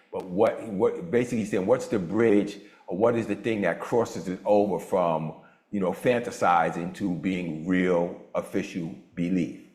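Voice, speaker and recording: A man in his sixties hosting a motivational group on a video call, talking with a lively preacher-like cadence. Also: reverberant. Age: 60s. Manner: animated preacher-like cadence, swoops in pitch. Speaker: mastermind group host.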